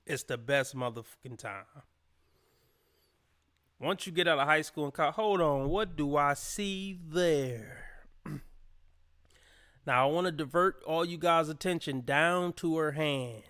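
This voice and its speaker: A man's voice: fairly high pitch, measured pace, pauses often, pushed and bright. A man commenting on a clip during a livestream, blunt and profane, mocking people by quoting them.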